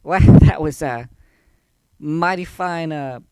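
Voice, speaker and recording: A man voicing a nosy, suspicious female barkeep who talks in a halting, folksy drawl full of y'all. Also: on the high side, warm tone, clear, resonant tone, no echo. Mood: chatty.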